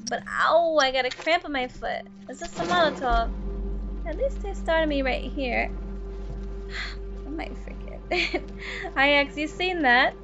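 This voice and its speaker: A woman streamer giving casual, profane gameplay commentary, chatting with viewers and breaking into laughs and loud outbursts. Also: high-pitched, unhurried, pauses often. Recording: dull lo-fi stream audio with faint music.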